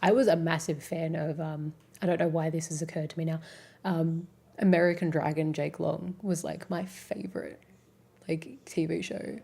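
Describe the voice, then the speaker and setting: Young Australian woman streamer, low voice, rambling and giggly, lots of fillers. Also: level tone, moderate pace, vocal fry, dark tone, slightly rough. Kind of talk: casual chat with live chat.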